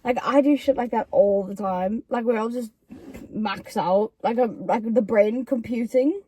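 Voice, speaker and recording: A woman's voice: a little high, measured pace, mellow, no echo. A young woman telling stories about her friend in a casual chat, quoting her in put-on voices. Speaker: YouTuber co-host.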